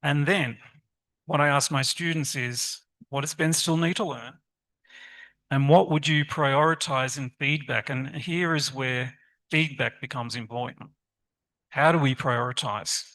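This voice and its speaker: Bright-voiced man giving a lecture. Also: medium pitch, unhurried, no room sound, low-quality recording. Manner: lively, encouraging, asks the audience questions. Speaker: conference presenter on literacy teaching. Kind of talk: academic conference talk.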